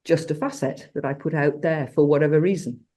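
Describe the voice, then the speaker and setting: An older woman talking over a video call in a relaxed group discussion. She rambles through her story, circling back with restarts and fillers as she goes. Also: deep voice, a little fast. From Britain. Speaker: coach.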